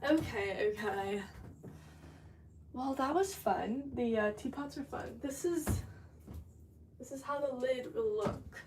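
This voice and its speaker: A woman's voice: on the high side, takes it slowly, long pauses. A woman ceramic artist chatting casually with her livestream viewers while she works in her studio, scattered and talkative. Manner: chatty, scattered, talks to chat while working. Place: pottery studio. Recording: distant mic with clear background noise.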